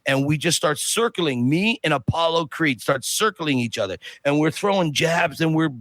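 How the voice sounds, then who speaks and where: A man guest on a podcast, telling a long story in a casual, animated way and acting out the people in it. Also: fairly high pitch, normal speed, no echo. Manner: animated, acts out quoted voices.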